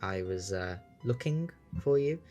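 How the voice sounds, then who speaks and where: A man's voice: sits low, lively intonation, a little slow, a little mellow. A man voicing Sarah, a cool, aloof woman with clipped speech, in a tabletop game with music behind. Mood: cold.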